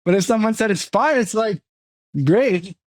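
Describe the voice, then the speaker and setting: A man's voice: high voice, brisk, no room sound, clean studio sound. A man co-hosting a casual podcast, giving blunt, sarcastic opinions. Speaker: podcast co-host.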